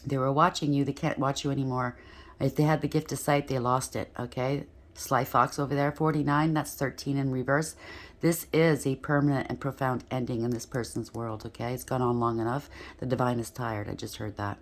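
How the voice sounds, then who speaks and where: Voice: mid-range voice, steady tone, fairly quick. A tarot reader giving a casual spoken reading, talking straight to the listener, checking in with "right?" and "okay?", and now and then tripping over words and starting again. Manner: addresses the listener directly with frequent rhetorical checks; stumbles and restarts while talking.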